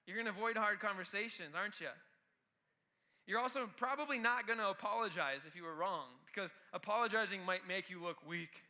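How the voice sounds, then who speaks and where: Youth pastor guy, high bright voice, energetic, talking right at the kids. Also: brisk. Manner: energetic, talks straight to the students. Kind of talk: youth sermon.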